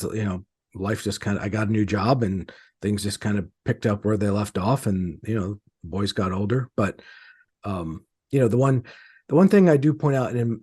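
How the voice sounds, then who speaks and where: Middle-aged male author guest, lowish husky voice, halting delivery, dry sound. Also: dark tone, dry recording. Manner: hesitant, many fillers and restarts. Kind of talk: conversational interview.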